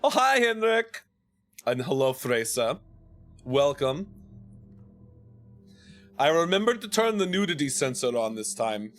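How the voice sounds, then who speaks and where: A worn-out man chats casually while streaming a game, full of self-mocking jokes. His voice sits at an ordinary middle pitch. Faint music plays under the talk. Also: expressive, measured pace, long pauses. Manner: joking, self-mocking, greets chat viewers by name. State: tired. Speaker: streamer hosting his channel.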